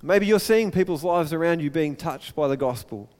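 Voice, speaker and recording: A man preaching a sermon, telling the story with lively acted-out voices. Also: on the high side, moderate pace. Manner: animated storytelling, acts out crowd voices. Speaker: pastor. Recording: long hall reverb.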